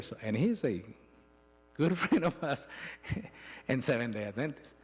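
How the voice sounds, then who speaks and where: A middle-aged man giving a personal testimony in a church, telling his story in an emotional, halting way with frequent restarts. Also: mid-range voice, very animated, gravelly. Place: church sanctuary.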